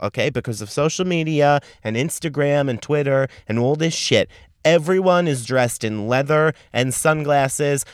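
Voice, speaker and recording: A man in his thirties hosting a podcast, telling a story in a sassy, profane, animated rant. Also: medium pitch, clear, resonant tone, dry recording, studio quality. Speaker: podcast host. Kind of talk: casual storytelling monologue.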